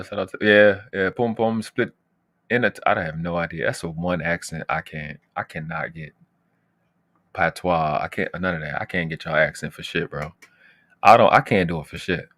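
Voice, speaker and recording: A man's voice: sits low, dry recording, clean studio sound. A brash, slangy man from the United States hosting his channel's casual livestream, trash-talking and boasting as he talks to his chat. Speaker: channel host.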